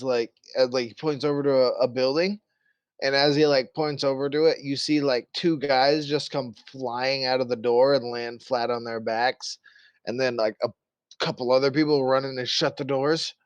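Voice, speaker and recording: A man's voice: medium pitch, fairly even intonation, normal speed, clear, resonant tone, no echo. A young man narrating a tabletop game as game master, in a loose, casual storytelling manner full of fillers.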